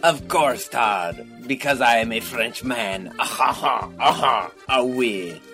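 A man's voice: medium pitch, slow pace, sharp tone, faint music behind. A man on a podcast putting on a hammy Frenchman with an exaggerated mock French accent, chuckling between lines. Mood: playful. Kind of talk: comic bit on a podcast.

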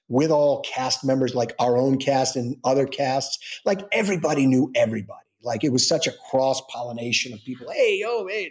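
Middle-aged male guest, mid-range voice; animated anecdote, imitates quoted people, lots of restarts. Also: mid-range voice. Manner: many fillers and restarts. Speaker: guest actor. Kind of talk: casual anecdote in a podcast interview.

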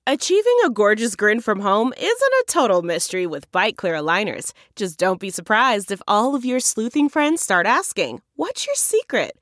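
A woman's voice: mid-range voice, sing-song, normal speed, hardly any pauses, a bit bright, no echo, clean studio sound. A woman reading a polished, upbeat scripted advertisement. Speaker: ad announcer. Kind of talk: scripted ad read.

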